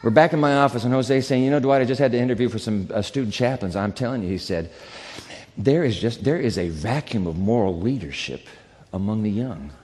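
Storytelling pastor in a reverberant hall. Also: male voice, mid-range voice, fairly quick. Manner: conversational, animated retelling with quoted dialogue. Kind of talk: sermon storytelling.

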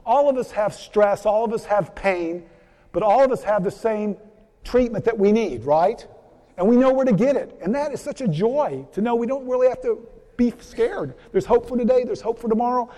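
A man's voice: very high-pitched, normal speed, warm tone. A man, a physician, giving a folksy health seminar to a church audience, telling stories and asking the crowd questions. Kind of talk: conversational seminar talk with storytelling. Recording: long hall reverb.

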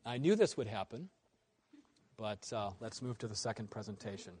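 A man in his forties from the United States, giving a sermon presentation. He swings between loud emphasis and quiet phrase endings. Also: expressive, normal speed, a little hiss or hum. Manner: varies loudness widely, drops low at phrase ends. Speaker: preacher.

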